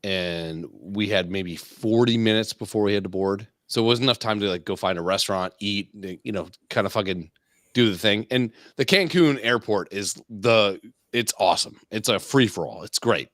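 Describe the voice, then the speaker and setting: Male co-host with a low voice, crude rambling anecdotes, dry mic. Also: normal speed, a bit bright, no room sound. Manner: rambling, crude, laughing stories. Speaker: podcast co-host. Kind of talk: casual chat.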